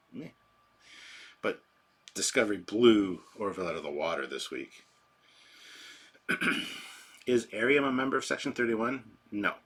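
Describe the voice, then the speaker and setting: Deep, husky-voiced livestream host. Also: male voice, a bit bright. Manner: rambling, chatty, self-deprecating. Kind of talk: casual reaction livestream, reading chat. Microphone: sensitive desk microphone.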